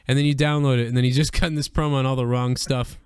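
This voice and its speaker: Young man, crude casual chat, rambling, shouty impressions, dead-dry mic. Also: mid-range voice, little pitch movement, fast talker, smooth, no echo. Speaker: podcast co-host.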